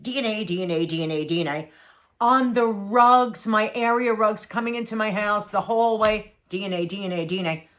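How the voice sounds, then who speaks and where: A woman's voice: medium pitch, moderate pace, a bit bright. Chatty sarcastic woman in her sixties. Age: 60s. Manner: chatty, sarcastic, repeats phrases for effect. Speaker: vlogger. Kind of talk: casual storytelling to camera.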